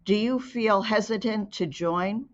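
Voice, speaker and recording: A woman telling a story slowly and earnestly, then making an appeal to listeners. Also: mid-range voice. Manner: slow, deliberate, earnest. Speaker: advocate narrator. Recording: dull lo-fi recording.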